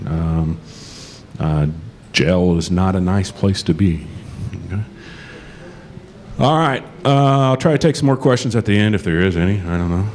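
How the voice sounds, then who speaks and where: A man's voice: deep voice, expressive, normal speed, darkish tone, slight background noise. A middle-aged man giving a casual, joking conference talk to a live audience, often acting out quoted dialogue. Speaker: conference speaker, law lecturer. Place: conference hall.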